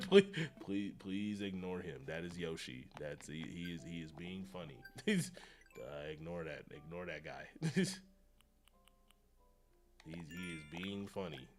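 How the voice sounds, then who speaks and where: Low-voiced male streamer, chatty and slangy, quick to get excited, faint music under him. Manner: slangy, rambling, excitable with frequent laughs. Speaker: gaming livestreamer. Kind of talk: casual livestream chat.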